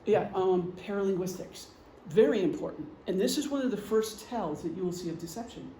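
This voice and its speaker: Middle-aged woman presenter, warm dark tone, joking and chatty, recorded in an echoey room. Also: mid-range voice, expressive, brisk, slight background noise. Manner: chatty, joking, acts out gestures. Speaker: presenter, retired police officer and veteran. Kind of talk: casual lecture.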